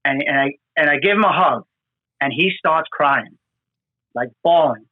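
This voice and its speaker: A man tells emotional field stories in an earnest, halting way, his voice sitting a bit high. The audio is narrow and phone-like, dry with no room sound. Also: no room sound. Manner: earnest, emotional storytelling with many fillers. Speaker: podcast host, FDNY firefighter. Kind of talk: conversational storytelling.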